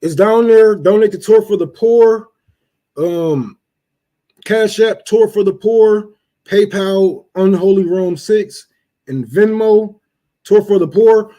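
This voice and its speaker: A young man hosting a casual livestream, cursing loudly and laughing as he rants and thanks donors. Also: sits high, takes it slowly. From Detroit. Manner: profane, loud, laughing rants. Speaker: livestream host.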